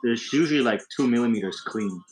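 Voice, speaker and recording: A man's voice: mid-range voice, a little fast, low-quality recording. A man hosting a casual livestream from a lounge, rambling with lots of fillers and restarts. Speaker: livestream host. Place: hookah lounge.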